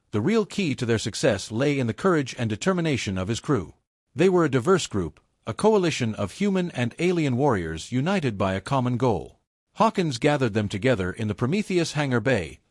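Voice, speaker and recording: Guy narrating space war story, lively pitch, dry close sound. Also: no room sound. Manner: dramatic, measured storytelling. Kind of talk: scripted audiobook narration.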